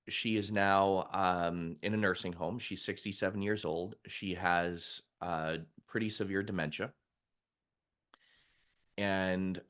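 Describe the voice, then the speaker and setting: A middle-aged man with a low, deep voice speaks as a mindset coach on a live stream. He talks candidly and loosely, often restarting his sentences as he goes. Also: a bit bright, clean tone. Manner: candid, conversational, frequent restarts. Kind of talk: live-streamed casual talk.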